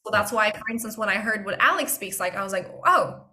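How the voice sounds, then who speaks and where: A woman from Russia who coaches accents, talking as a guest in a relaxed interview. Her voice is bright and crisp at a medium pitch. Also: quick pace. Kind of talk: casual interview chat.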